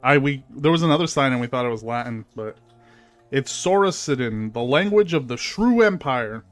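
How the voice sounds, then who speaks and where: A man's voice: mid-range voice, lively intonation, a little fast, soft background music. A man streaming a video game, chatting casually with fillers and reading the game's text aloud. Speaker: gaming streamer. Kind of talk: casual let's-play commentary.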